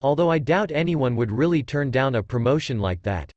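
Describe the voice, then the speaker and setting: A man's voice: mid-range voice, lively intonation, fairly quick, a little mellow, no room sound, highs cut off, close to an everyday voice. A man voicing a young male rookie police officer who explains things earnestly.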